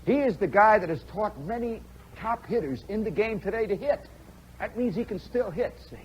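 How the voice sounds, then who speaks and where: A man from the Chicago area spins a long story on live radio, his fairly high voice swooping up and down as he talks. He keeps tossing in "see?" and "you know" to pull the listener along. The sound is a dull, muffled 1960s broadcast with a faint hiss underneath. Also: moderate pace. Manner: animated, conversational, full of "see?" and "you know" asides.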